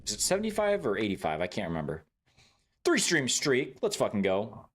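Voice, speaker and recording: A man's voice: on the low side, wildly swooping pitch, fairly quick, husky. A man streaming a game, chatting casually with his viewers in a joking, laid-back way, swearing freely and laughing often.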